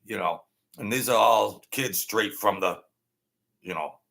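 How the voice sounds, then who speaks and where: Gravelly, tense-voiced talk show host. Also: male voice, on the low side, a little slow, fairly bright tone. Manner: rambling, repetitive, thanks viewers by name. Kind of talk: live talk show monologue, storytelling. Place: small home studio setup.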